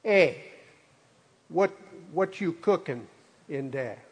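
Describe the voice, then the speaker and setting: A man's voice: on the high side, expressive, slow, husky, lo-fi sound, exaggerated voice. A preacher doing an old Cajun man. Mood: curious. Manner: blunt, plain country talk. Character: old Cajun man in his seventies, plainspoken.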